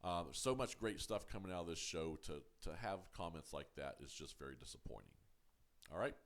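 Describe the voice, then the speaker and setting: Male channel host, very low voice, hesitant delivery with frequent filler words. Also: expressive. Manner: halting, full of ums and uhs, restarts words; firm and defensive when answering critics. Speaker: show reviewer, channel host. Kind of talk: casual review commentary to camera.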